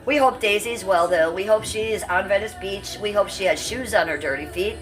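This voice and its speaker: A woman's voice: medium pitch, a little fast, soft background music. A woman in her fifties hosting a casual livestream, brash, profane and rambling as she reads out chat comments. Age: 50s. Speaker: livestream host.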